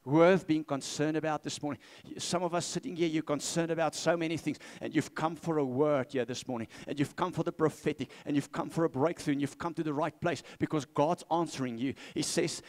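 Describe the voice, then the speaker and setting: A man's voice: a little high, fairly even intonation, brisk. Emphatic man preaching. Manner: emphatic, repeats key phrases, asks the congregation to respond. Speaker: pastor. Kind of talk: sermon. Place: church.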